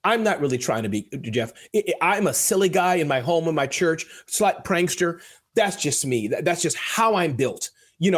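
A man talking as an interview guest, joking and animated, often calling the host by name. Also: fairly high pitch, fairly quick. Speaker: guest speaker. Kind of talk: casual interview chat.

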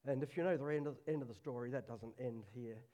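A middle-aged man preaching a sermon at a church service, earnest, dropping to a hush on solemn lines. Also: medium pitch, quick pace.

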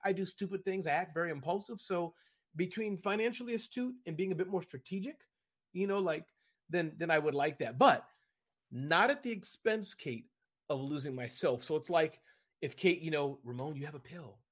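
A man guest on a video-call interview, talking about business in a rambling, animated way and often addressing the host by name. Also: sits high, normal speed. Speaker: podcast guest, entrepreneur. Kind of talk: casual interview chat.

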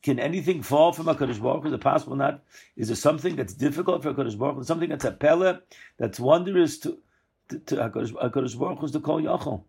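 Gravelly-voiced man teaching Torah. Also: on the high side, quick pace, darkish tone. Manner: discursive, self-correcting, acts out quoted lines. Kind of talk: weekly Torah lesson.

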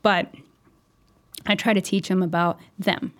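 A woman's voice: on the low side, steady tone, a bit bright. A woman in her thirties talking casually as an interview guest, chatty and full of fillers. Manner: chatty, many "you know" fillers, quick laughs. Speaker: mortgage lender, interview guest.

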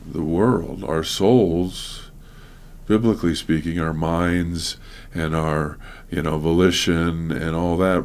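A man talking earnestly in a casual conversation about teaching and counseling, halting with many fillers. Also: sits low, darkish tone.

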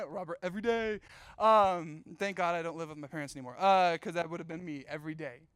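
A young man with a high, smooth voice tells a personal story as a sermon, chatty and animated, turning to the room now and then. The sound is close and dry. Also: fast, no room sound. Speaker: youth pastor.

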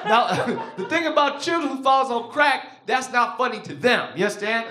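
Loud high-voiced stand-up comedian man. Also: normal speed, background noise. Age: 30s. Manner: loud, animated storytelling with crowd work. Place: comedy club stage. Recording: roomy live club sound. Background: audience laughter.

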